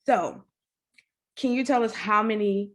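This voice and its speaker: A young woman host talking in a casual, bubbly way, full of excited chatter. She keeps saying how nervous and happy she is, in a voice of middling pitch. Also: measured pace. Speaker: podcast host. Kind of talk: casual interview chat.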